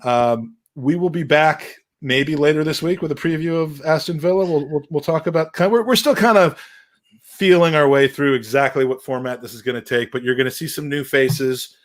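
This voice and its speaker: A man's voice: a little high, moderate pace. A man hosting a casual football podcast, rambling with many restarts and dry, wry humor. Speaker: podcast host.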